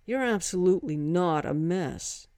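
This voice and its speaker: A woman reading a story, voicing a refined young man who speaks in a crisp, formal way. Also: on the low side, lively intonation, unhurried, darkish tone, no room sound, studio quality. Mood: earnest.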